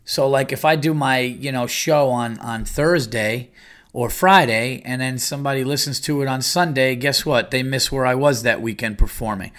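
A man's voice: mid-range voice, normal speed, a bit bright. A middle-aged man hosting his own podcast in casual, rambling chat, loose and profane with many fillers. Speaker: podcast host.

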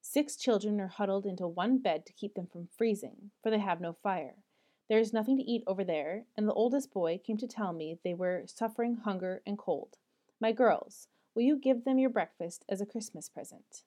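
A woman reading aloud voices a gentle, persuasive middle-aged mother speaking to her daughters. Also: mid-range voice, moderate pace, natural voice. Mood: tender.

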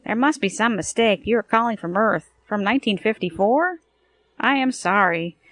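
A woman's voice: medium pitch, expressive, moderate pace, a bit bright, pitched above the performer's own voice. A woman voicing a cautious, formal telephone operator.

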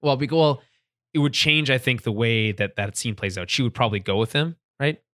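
A podcast co-host with a medium-pitched, fairly bright voice talks briskly in a dry, studio-quality recording. He casually chats through a recap of a TV episode, laughing often and restarting his sentences.

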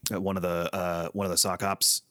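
A man improvising an earnest, rambling treasure hunter in a comedy scene, deadpan and agreeable. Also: low voice, a little fast, dry recording. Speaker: library club leader.

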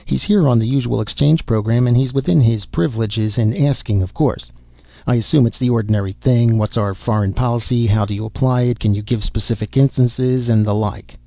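A man putting on a crisp, deferential female secretary. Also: mid-range voice, fairly quick, no room sound, natural voice. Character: efficient loyal female secretary. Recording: dull muffled audio.

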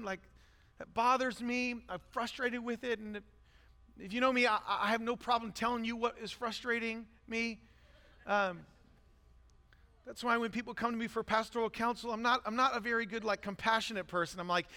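Pastor, male, high and bright voice, blunt intense delivery, hall reverb. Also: fairly even intonation, a little fast, clear, resonant tone. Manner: blunt, intense, rising to shouts. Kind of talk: sermon.

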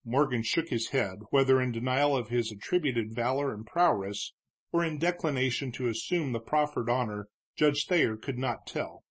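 A man narrating a book in a steady, measured reading voice. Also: medium pitch. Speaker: audiobook narrator. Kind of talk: scripted narration of a western novel.

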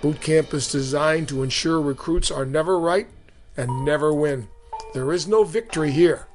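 Man, memoir reading, measured and vivid, slightly high voice, music underneath. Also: a little mellow. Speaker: storyteller recounting his own boot camp.

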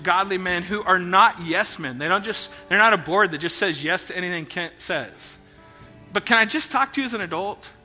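A man's voice: high voice, bright, forceful tone. A man preaching a sermon as pastor, talking earnestly and boldly in a conversational way. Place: large church auditorium. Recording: long hall reverb with faint music.

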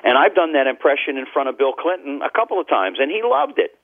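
A man's voice: fairly high pitch, sing-song, fast talker. An older man, a talk radio host, telling stories in a chatty, anecdotal way during an interview, with frequent restarts. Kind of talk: casual interview storytelling. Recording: tinny phone line.

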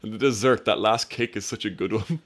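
Male co-host, lower-pitched voice, lively storyteller in a casual film chat. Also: a little fast. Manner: animated storyteller, acts out film scenes with laughter.

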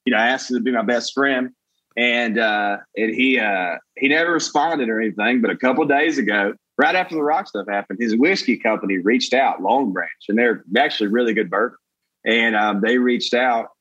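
Husky-voiced Southern comedian telling stories. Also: male voice, mid-range voice, normal speed, no room sound, highs cut off. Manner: animated, says "dude" often, jumps into quoted voices. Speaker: guest, comedian. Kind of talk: casual storytelling chat.

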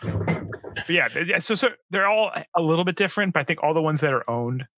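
A man's voice: fairly high pitch, brisk, no echo. A man co-hosting a podcast, talking casually and with strong opinions about ski passes and resorts. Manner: animated, opinionated, enthusiastic about skiing. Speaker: podcast co-host. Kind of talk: casual chat.

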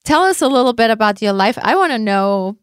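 Chatty woman host, bright pitch, dry studio. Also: animated, a little fast, clear, resonant tone, dry recording. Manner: chatty, laughs often, enthusiastic. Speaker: podcast co-host. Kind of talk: casual podcast interview. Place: podcast studio.

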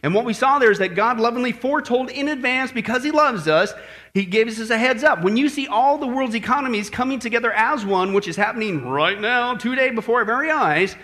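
A man's voice: very high voice, animated, a little fast, sharp tone. A male pastor preaching in a folksy, playful way, telling jokes before his sermon. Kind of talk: joking sermon.

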